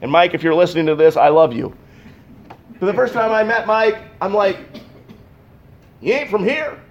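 Man preaching with sharp loud-soft swings. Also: sits high, brisk, dull audio. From Pacific Northwest. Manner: preaching with sharp swings between loud emphasis and quiet intensity. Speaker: pastor. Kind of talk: sermon. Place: church sanctuary.

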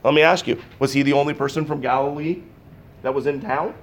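A man preaching in a church, his voice set a little higher than most men's. He swings between loud, emphatic bursts and hushed, intense passages as he talks to his congregation. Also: fairly even intonation, fairly quick. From Pacific Northwest. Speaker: pastor. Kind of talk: sermon. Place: church sanctuary.

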